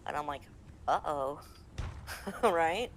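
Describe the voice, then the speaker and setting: A woman from the American Midwest, a game server admin, telling a lively story in casual chat and acting out the quotes. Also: fairly low pitch, a little slow, a little hiss or hum. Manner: lively, laughing, acts out quotes.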